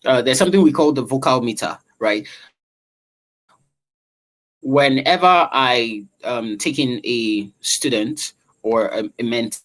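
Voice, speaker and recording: A man with a velvety voice explaining vocal textures in an online voice-over class, unhurried and full of fillers. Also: medium pitch, fairly bright tone, poor audio. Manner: explanatory, drawn-out, filler-heavy. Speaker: voice-over coach.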